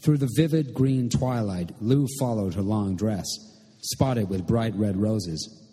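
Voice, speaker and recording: A man reading a novel aloud in a measured, literary way. His voice is low, husky and mellow. A long hall reverb trails after his words. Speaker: narrator. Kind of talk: audiobook narration.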